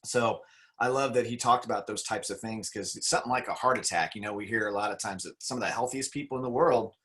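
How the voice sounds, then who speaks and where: A man's voice: on the low side, fast, a bit bright. A man leading a motivational talk on a video call. He speaks in a conversational, enthusiastic way and acts out the quotes he tells.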